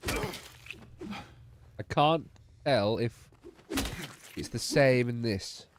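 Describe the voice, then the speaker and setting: A man's voice: medium pitch, huge pitch swings, very slow, background noise. A man streaming a game, tired and yawning, making wry, sardonic asides. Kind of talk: gameplay commentary.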